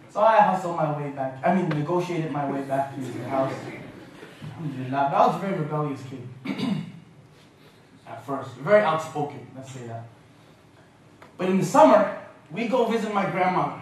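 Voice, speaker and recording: A man with a fairly high voice tells funny stories to an audience, lively and often laughing. His voice booms around a large, very echoey university hall, taken from well away from him, with a faint hum underneath. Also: normal speed, long pauses. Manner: animated, joking and laughing often. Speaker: guest speaker. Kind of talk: humorous storytelling lecture. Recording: echoey lecture hall from far off.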